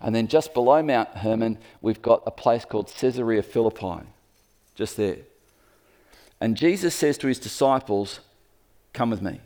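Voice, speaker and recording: A man preaching a sermon in a lively storytelling manner, speaking to the room as he points at a map. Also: medium pitch, moderate pace. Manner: lively storytelling, acts out quoted voices.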